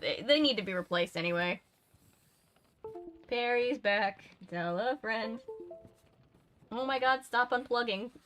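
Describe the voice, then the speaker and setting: A woman's voice: a little high, a little slow, long pauses, a bit bright, soft background music. A woman hosting a casual read-aloud, reading a storybook steadily and drifting into chatty asides between passages. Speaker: channel host reading a book aloud.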